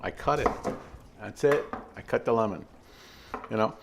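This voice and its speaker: In this casual cooking demonstration, the older host's voice is fairly low with vocal fry, moving at a normal speed over background noise. He chats and rambles through the recipe in his home kitchen with many fillers and asides.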